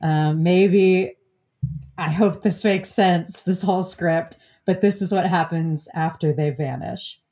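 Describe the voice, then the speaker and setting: A woman's voice: fairly low pitch, slow pace, dark tone. A woman hosting a podcast in casual chat, giggly and rambling. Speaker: podcast host.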